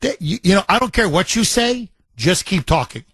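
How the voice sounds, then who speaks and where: Man, radio host, studio mic, slightly high voice, dry sound, chatty, repeats himself. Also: big pitch swings, moderate pace, fairly bright tone, breathy edge, no room sound. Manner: chatty, repeats phrases for emphasis. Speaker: radio talk show host. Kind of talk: talk radio call-in show.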